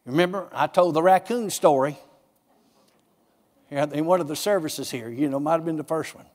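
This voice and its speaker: A man preaching a sermon, telling stories and acting out his own dialogue with God in a raised, lively voice. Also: a little high, moderate pace, in a large hall. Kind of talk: sermon with storytelling.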